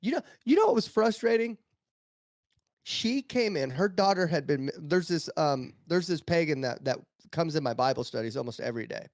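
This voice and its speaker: A man's voice: on the high side, moderate pace, dry recording, clean studio sound. A man telling stories as a guest on a casual podcast, with many restarts. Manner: storytelling, animated, many restarts.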